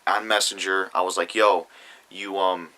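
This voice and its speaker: A man's voice: sits low, level tone, a little slow, sharp tone, low-quality recording. A young man ranting angrily to camera in a profane vlog, reading out comments and arguing back. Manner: reads comments aloud. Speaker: YouTuber. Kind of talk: angry vlog rant.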